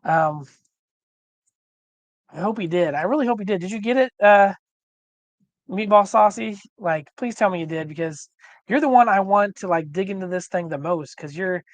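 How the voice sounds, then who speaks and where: A man's voice: sits high, normal speed, pauses often, dry recording. Man losing his voice, rambling. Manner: rambling, many fillers and restarts. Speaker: livestream co-host. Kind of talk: casual chat.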